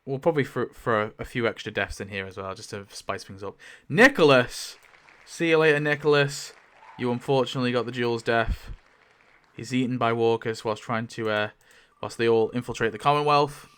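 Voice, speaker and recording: Male YouTuber, rambling casual commentary, clear smooth voice, mid pitch. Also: a little fast. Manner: rambling, lively, many fillers and laughs. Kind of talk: casual commentary while spinning a wheel.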